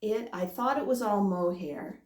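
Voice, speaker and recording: Slow, hesitant woman knitting vlogger. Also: mid-range voice, reverberant. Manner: hesitant, many "um"s, warm and chatty. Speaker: knitting podcast host. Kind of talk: casual chat to camera.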